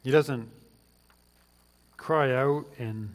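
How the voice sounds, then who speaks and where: A man's voice: mid-range voice, drawn-out words. A man preaching a sermon in an earnest, pleading way that rises to fervent questions. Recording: long hall reverb.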